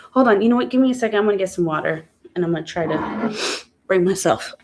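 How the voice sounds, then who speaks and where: A woman telling her own story in a casual vlog, halting and upset, with many fillers and blunt swearing. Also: mid-range voice, expressive. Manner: many fillers and trailing pauses.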